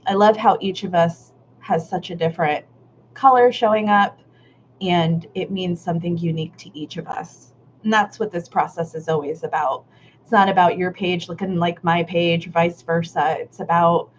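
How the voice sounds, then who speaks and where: A woman leading a live online art workshop, reading out participants' comments in a casual, affirming way, laughing often and sometimes swearing. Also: on the low side. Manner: warm, affirming, casual with Southern "y'all". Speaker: workshop facilitator. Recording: slightly dull live-stream audio with faint noise.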